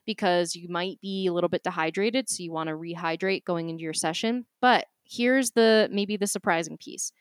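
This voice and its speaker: A woman's voice: fairly low pitch, moderate pace, few pauses, clear, resonant tone, no echo. Casting: woman, Boston accent, chatty podcast co-host, practical, dry close sound. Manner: chatty, giggly, practical advice-giving. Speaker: podcast co-host, nutrition coach. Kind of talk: casual chat.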